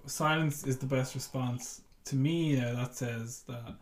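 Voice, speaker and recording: A man's voice: medium pitch, steady tone, measured pace. A man in his twenties, a podcast guest, talking casually and hesitantly as he searches for words. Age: 20s. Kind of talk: casual chat. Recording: roomy echo.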